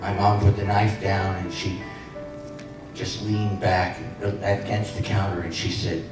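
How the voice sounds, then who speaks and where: A man's voice: low voice, little pitch movement, a little slow, recorded from a distance, over loud music. A man in his sixties giving an inspirational speech, telling a personal story with comic punchlines. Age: 60s. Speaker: inspirational speaker. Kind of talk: motivational speech. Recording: echoey hall, heard from afar.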